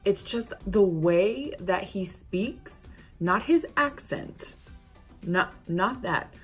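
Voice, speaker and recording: A woman's voice: medium pitch, expressive, drawn-out words, slightly rough, faint music behind. A woman chatting through a makeup vlog, rambling and swearing freely as she defends herself. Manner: defensive ranting. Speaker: beauty vlogger.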